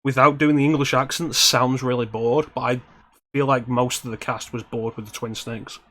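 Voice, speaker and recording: A man's voice: mid-range voice, fairly even intonation, normal speed, a bit bright. A man co-hosting a casual stream, reading a script aloud and swearing freely while joking about his own attempts at accents. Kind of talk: casual chat.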